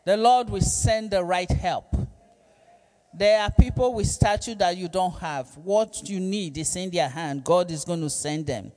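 A male pastor preaching a sermon, reading scripture and calling on the congregation to repeat after him in a slow, emphatic manner. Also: high voice, darkish tone. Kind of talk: sermon with call-and-response.

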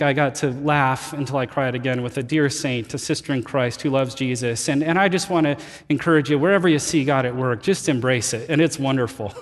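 A man preaching with a fairly high voice, telling his stories in a relaxed, chatty way and often poking fun at himself. His voice rings out with a long reverb tail, like a large hall. He sounds like a pastor talking to his congregation. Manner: conversational storytelling, animated and self-deprecating. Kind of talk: sermon.

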